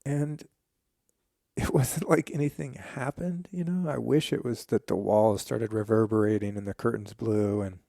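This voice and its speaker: A man's voice: fairly low pitch, a little slow, gravelly, dry recording, clean studio sound. A man in his forties, a podcast guest, candidly telling a personal story in a casual, profane way. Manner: candid, profane, animated retelling.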